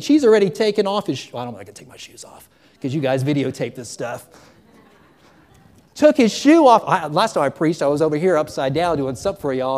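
A man preaching a sermon, animated and acting out scripture with loud exclamations. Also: on the high side.

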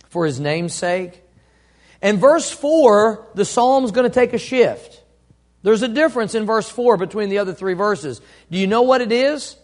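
A high-pitched man preaching from the pulpit. He calls on the congregation to repeat lines back to him, and he swings from ringing emphasis down to slow, hushed delivery. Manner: call-and-response preaching, dynamic swings from loud to hushed. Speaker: pastor. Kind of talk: sermon.

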